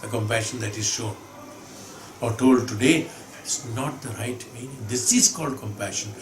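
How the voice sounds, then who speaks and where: A man's voice: mid-range voice, normal speed. A man teaching a scripture discourse, emphatic, repeating phrases and asking rhetorical questions. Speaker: spiritual teacher. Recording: echoey room with background hum.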